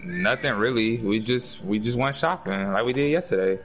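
A man chatting casually while playing a shooter, explaining things in a relaxed, colloquial way. His voice sits at a middling pitch and stays easygoing. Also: normal speed. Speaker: gamer.

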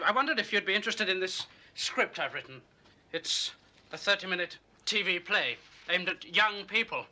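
A stammering, ranting writer. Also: male voice, high-pitched, sharp tone, slight background noise, heavily acted. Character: bitter stammering male writer, anti-police crank. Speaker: aspiring writer.

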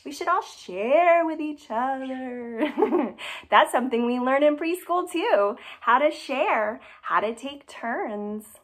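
A woman preschool teacher at home, talking to young children in an animated, questioning way. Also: high voice, slow pace. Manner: animated and questioning, exaggerated for kids. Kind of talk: addressing young children in a video. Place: her home, indoors.

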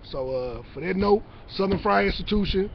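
Brash battle-rapper vlogger, a man with a high voice, cocky and profane, on a dull lo-fi recording. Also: expressive, normal speed, creaky, slight background noise. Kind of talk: casual trash-talk monologue to camera. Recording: dull lo-fi sound.

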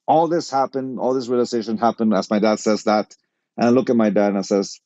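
A middle-aged man telling a personal story to a podcast host in an animated way, acting out the dialogue as he goes. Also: fairly low pitch, a little fast, no room sound, muffled recording. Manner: animated anecdote-telling, quotes people in dialogue. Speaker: podcast guest.

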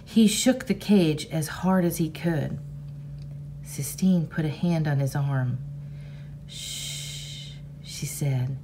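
Teacher lady reading a chapter book out loud, slow and low, bit of a crackly voice, faint hiss behind. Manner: measured, expressive storybook reading. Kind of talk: reading a novel aloud.

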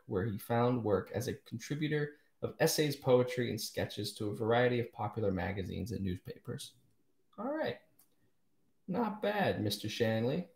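A man's medium-pitched, slightly mellow voice carries through an echoey room as he hosts a live poetry stream. He keeps the reading and chat relaxed, adding wry asides and fixing his own slips.

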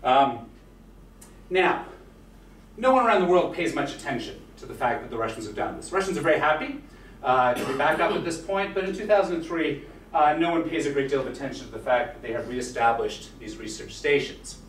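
A man's voice: mid-range voice, lively intonation, brisk. A man giving a history lecture in a conversational way, with many "uh" fillers and wry asides. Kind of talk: university lecture. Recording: echoey hall, mic far off, faint hiss.

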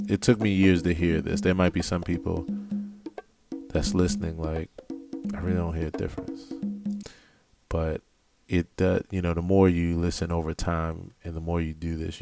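A man with a low, gravelly voice and a fairly level delivery walks through a mixing session in a relaxed, explanatory tone, thinking aloud as he goes. Music tracks play clearly behind his voice. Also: normal speed. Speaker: music producer teaching mixing. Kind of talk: casual screen-recorded tutorial. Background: music playback.

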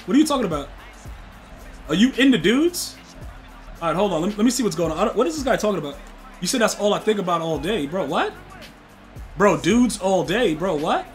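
A young man streaming a football video game, talking slangy trash to his chat and yelling at plays. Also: high-pitched, big pitch swings, fast talker, long pauses, soft background music. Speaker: gaming streamer. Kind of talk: live game stream commentary.

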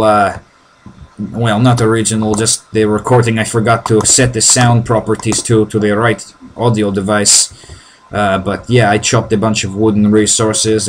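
A man's voice: on the low side, background noise. A man with a Russian accent giving casual video game commentary, joking as he goes, with broken, hesitant phrasing. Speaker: gameplay commentator.

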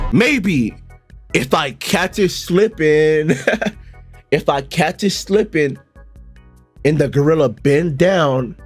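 High-voiced young man, animated rants. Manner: animated and exaggerated, with sudden loud outbursts and heavy swearing. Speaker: online video host reacting to a video. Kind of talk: comedic reaction commentary.

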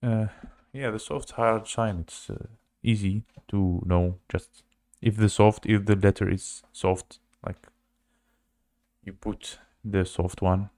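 Slow, halting man teaching a language. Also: lowish voice, steady tone, darkish tone, no room sound. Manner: halting, many fillers, repeats words slowly. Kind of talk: casual language lesson.

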